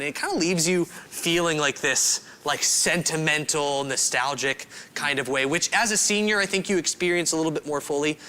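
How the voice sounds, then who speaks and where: A young man speaking as a youth pastor in a casual, animated, self-deprecating way, rambling a little as he explains. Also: on the high side. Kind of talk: casual youth service talk.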